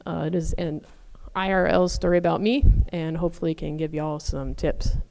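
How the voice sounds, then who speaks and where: A woman's voice: sits low, fairly even intonation, moderate pace, gravelly, darkish tone. A woman opening a conference talk in a playful, loose, casual way. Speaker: conference speaker. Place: conference hall. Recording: noisy hall recording.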